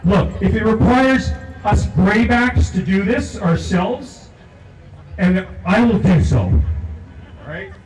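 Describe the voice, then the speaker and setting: An older man giving an impassioned protest speech outdoors, declaiming repeated lines and shouting to lead the crowd in chants. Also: sits high, animated, slow, soft background music. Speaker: protest speaker. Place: outdoor rally at a legislature. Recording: echoey, distant from the mic, loud crowd.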